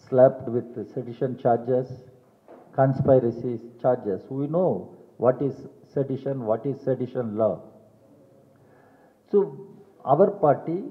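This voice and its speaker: An older man with an Indian English accent making a deliberate, emphatic press conference statement, repeating key phrases. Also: mid-range voice. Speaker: party general secretary at a press conference. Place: press meet hall. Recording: tinny phone-like sound in a long echoing hall.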